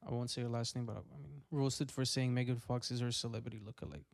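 Mid-voiced dude, blunt, slangy, cursing a lot, laid-back podcast chat. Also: male voice, medium pitch, fairly even intonation, fast talker, creaky. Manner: blunt, swears freely, slangy. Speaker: podcast co-host. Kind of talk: casual chat.

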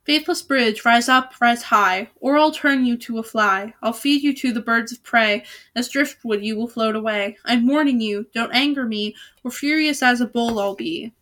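A woman voicing a fussy, bossy wizard father in a storybook read aloud, talking in a hurried way. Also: a little high, fairly bright tone, natural voice. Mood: chanting.

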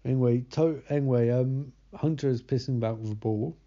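A man's voice: mid-range voice, fairly quick, mellow. Sarcastic, swearing man recapping a film. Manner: sarcastic, swears often, loses track of names. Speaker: movie commentator. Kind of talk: casual sardonic movie recap. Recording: slightly dull lo-fi recording.

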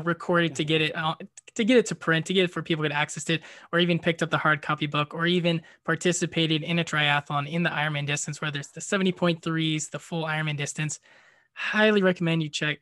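A man's voice: on the high side, bright, forceful tone. A man hosting a podcast, upbeat and encouraging as he wraps up the episode. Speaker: podcast host. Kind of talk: podcast host talk and outro.

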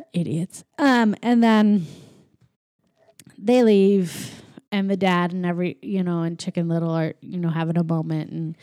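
A woman co-hosting a podcast, casually retelling a movie plot with giggles and quick acted-out lines. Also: lowish voice, fairly even intonation, dark tone, no room sound, clean studio sound. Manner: rambling, giggly, acts out lines in quick voices. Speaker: podcast co-host. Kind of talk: casual chat recapping a movie.

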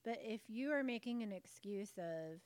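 An earnest middle-aged woman talks about friendship and faith with an encouraging tone and easy laughter. Her pitch sits in the middle. The recording is close and dry. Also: lively intonation, normal speed, darkish tone, no room sound. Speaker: podcast co-host. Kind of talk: casual faith-based chat.

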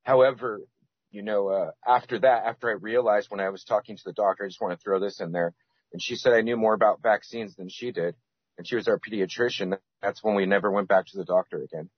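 A man's voice: on the low side, steady tone, fast, husky, no room sound. A man as a podcast guest, rambling with many restarts and fillers. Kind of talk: casual podcast interview. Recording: dull lo-fi sound.

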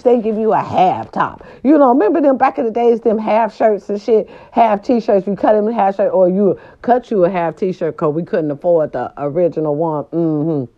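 A woman's voice: fairly low pitch, lo-fi sound. A woman telling a story in a casual vlog, blunt and profane, talking straight to her viewers.

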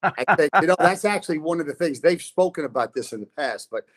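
An older football coach, a guest on a casual podcast, tells stories in a slightly high, fast voice. He's a lively storyteller who laughs often.

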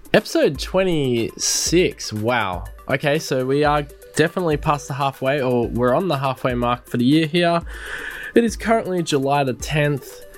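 A man hosting a casual podcast in an upbeat, enthusiastic way. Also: fairly high pitch. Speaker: podcast host.

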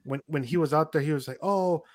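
Male podcast host, chatty and giggly, a touch high-pitched, very dry close sound. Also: quick pace, darkish tone, dry recording. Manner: laughing, rambling retelling with quoted voices. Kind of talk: casual podcast chat.

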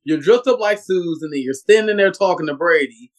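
A man co-hosting a fan podcast, chatting eagerly with a guest, gushing praise and mimicking characters in quick asides. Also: high-pitched, expressive. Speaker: podcast co-host. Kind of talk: casual interview chat.

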